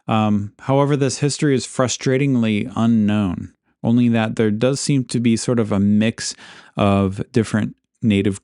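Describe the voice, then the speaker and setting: Low smooth guy rambling through some history, dry close mic, stops to fix himself a lot. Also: dry recording. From Alaska. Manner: relaxed, rambling, self-correcting with asides. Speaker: podcast host. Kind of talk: casual history narration.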